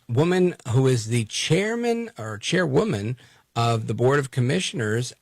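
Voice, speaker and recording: A man's voice: mid-range voice, no echo, clean studio sound. A man hosting talk radio, going over the news in a loose, joking way with many fillers.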